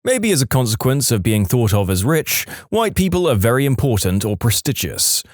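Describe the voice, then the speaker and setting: A man narrating a series of short storytime anecdotes, switching into quick put-on voices for the people he quotes. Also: mid-range voice, sing-song, no echo, studio quality. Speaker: narrator reading stories.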